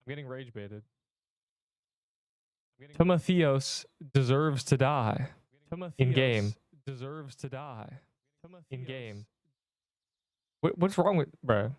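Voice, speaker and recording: A gaming streamer with a clear, resonant, mid-range voice chats casually while playing, rambling in exasperated, slang-heavy banter with his viewers. The recording is dry.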